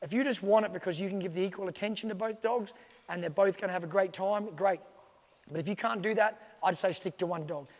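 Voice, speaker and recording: A man's voice: high-pitched, fast talker, long reverb tail. A man working as a dog trainer, giving casual, plain-spoken advice to camera and repeating his key points. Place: dog training facility with staff around.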